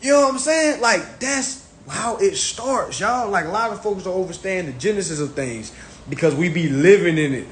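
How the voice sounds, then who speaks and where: A high-pitched man with lively intonation talks casually on a social media livestream at a moderate pace. He's emphatic and profane and often repeats his phrases, in an echoey room with faint background noise.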